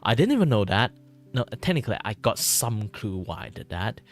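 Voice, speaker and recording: A young man from Malaysia talking casually, with a low voice that sits deep in his chest. He rambles and circles back on himself as he goes. Soft music plays faintly underneath. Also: very animated, fairly quick. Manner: rambling, with many fillers and restarts. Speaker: streamer. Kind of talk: casual chat.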